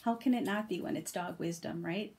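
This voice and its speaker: A woman's voice: fairly low pitch, fairly quick, darkish tone, slight background noise. Gushing woman reviewing cards on video. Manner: gushing, enthusiastic, laughs often. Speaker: vlogger reviewing oracle cards. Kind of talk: casual card reveal and review.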